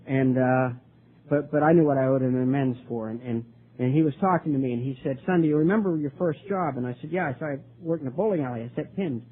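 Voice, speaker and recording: An older man speaking at a recovery meeting, telling his story earnestly, with many halting restarts. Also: mid-range voice, slightly rough. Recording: tinny lo-fi recording, faint hiss.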